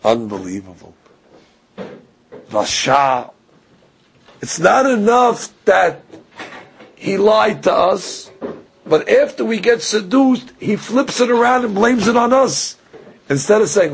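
A man with a gravelly, raspy voice that sits a little high for a man delivers a Torah lecture. He tells the story with animation and slips into the voices of the people he quotes. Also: very animated, takes it slowly, pauses often, low-quality recording. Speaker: Torah teacher. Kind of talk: religious lecture.

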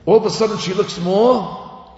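A man's voice: sits high, normal speed, darkish tone. A man preaching a storytelling sermon, acting out characters and crying sounds as he teaches. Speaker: rabbi or Torah teacher. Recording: echoey hall, dull lo-fi sound.

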